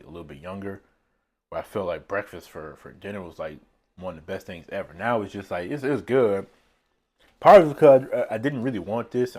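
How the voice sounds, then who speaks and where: A man talking casually while eating a meal on camera. He rambles from one thought to the next and chuckles often at his own remarks, recorded on a phone set on a tripod. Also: low-pitched. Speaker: mukbang vlogger. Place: seated indoors at a meal.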